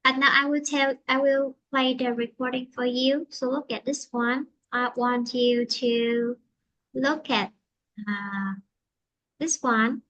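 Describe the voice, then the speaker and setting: A woman teaching an English lesson, explaining slowly and patiently with many fillers. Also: sits high, steady tone, fairly bright tone, dull audio.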